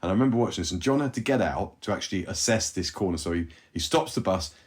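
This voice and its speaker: A man, a band member telling tour stories in a relaxed podcast chat, animated and full of restarts. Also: sits low, quick pace. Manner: animated anecdote-teller, many restarts.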